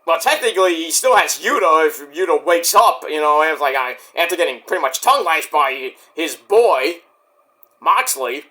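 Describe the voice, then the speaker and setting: A man with a fairly high, bright voice recaps a wrestling show in casual, profane commentary. His pitch swings widely as he talks, and he bursts into loud mock shouts when acting out the wrestlers' lines. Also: moderate pace. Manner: animated, swears freely, acts out wrestlers' lines in shouted bursts.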